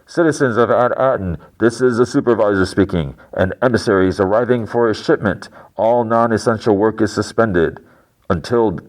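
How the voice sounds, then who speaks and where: A man's voice: lowish voice, moderate pace, voice pushed up, close to an everyday voice, poor audio. A man voicing an official supervisor making a formal public announcement.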